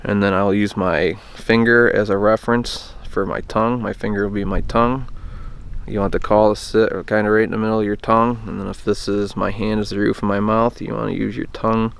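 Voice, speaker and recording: A man's voice: lowish voice, little pitch movement, fairly quick, vocal fry, clean tone. A man casually explaining a hunting call outdoors, plainspoken and self-deprecating. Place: outdoors in bright sun.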